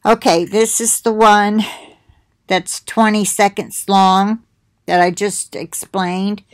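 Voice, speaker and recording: A woman's voice: mid-range voice, steady tone, takes it slowly, dry recording. A middle-aged woman hosting her own video, chatting to viewers in a rambling way and reading titles aloud with asides. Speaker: video host sharing links. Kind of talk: casual monologue to viewers.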